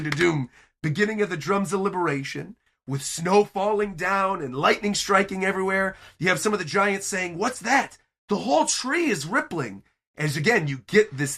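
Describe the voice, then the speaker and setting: Bright, husky man recapping with gusto. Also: on the high side. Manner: animated, acts out character lines as he narrates. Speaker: podcast host. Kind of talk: enthusiastic chapter recap.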